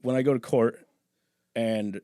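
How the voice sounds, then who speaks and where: A man's voice: mid-range voice, steady tone, measured pace, mellow, no echo, studio quality. A man hosting a podcast in a casual chat, joking, swearing and laughing often. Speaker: podcast host. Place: small home podcast studio.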